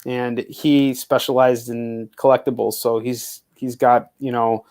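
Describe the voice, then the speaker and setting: A man's voice: medium pitch, level tone, unhurried, darkish tone. Candid rambling male host. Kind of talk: casual chat.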